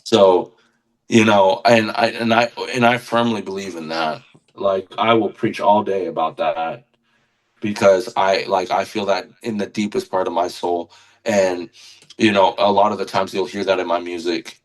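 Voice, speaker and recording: Earnest low-voiced man, passionate podcast guest. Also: steady tone, normal speed, low-quality recording. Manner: earnest, passionate, repeats words while searching for them. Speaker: guest musician. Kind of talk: casual podcast conversation.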